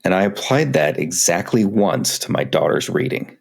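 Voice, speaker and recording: Deep gravelly man, frank podcast talk. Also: expressive, moderate pace. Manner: candid, self-critical, swears freely. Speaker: podcast co-host. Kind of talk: casual podcast conversation.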